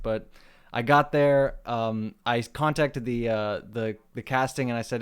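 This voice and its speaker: A man's voice: mid-range voice, fairly even intonation, a little slow, smooth. A man co-hosting a casual podcast, chatting through a story of his day and laughing as he talks. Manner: chatty, laughs while telling stories. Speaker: podcast co-host. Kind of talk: casual chat.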